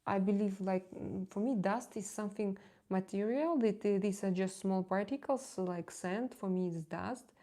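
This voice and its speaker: A woman's voice: medium pitch, normal speed, dark tone. A woman tarot reader chatting casually on her live stream, candid and confiding, often hesitating and repeating words as she searches for them. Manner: candid and confiding, laughs easily.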